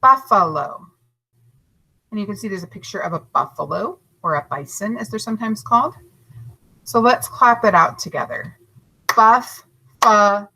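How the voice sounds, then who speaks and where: A woman teaching a third grade class in a recorded lesson, patient and encouraging, stretching words out slowly to split their syllables. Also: mid-range voice, lively intonation, pushed and bright, slightly rough, poor audio. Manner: slow, overarticulated syllables and spelling.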